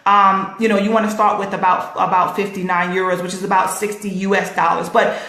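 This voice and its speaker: A woman hosting a live stream, making an emphatic, repetitive sales pitch and answering viewers by name. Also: flat delivery, brisk, fairly bright tone, roomy sound. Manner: laughs often.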